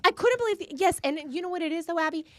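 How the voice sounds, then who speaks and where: A woman's voice: very high voice, racing, no echo. A woman in her thirties from Florida, co-hosting a casual podcast and acting out both sides of an argument as she retells it. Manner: animated storyteller, acts out both sides of a quarrel. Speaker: podcast co-host. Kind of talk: casual political chat.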